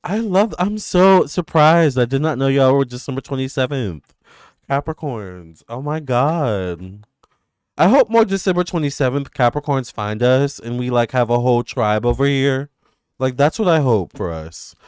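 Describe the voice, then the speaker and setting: Man in his thirties, tarot reader, gushing, excitable, middle pitch, dry close recording. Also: clear, resonant tone, dry recording. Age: 30s. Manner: excitable and gushing, quick swings between squeals and murmurs. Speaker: tarot reader hosting live readings. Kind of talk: casual livestream chat with viewers.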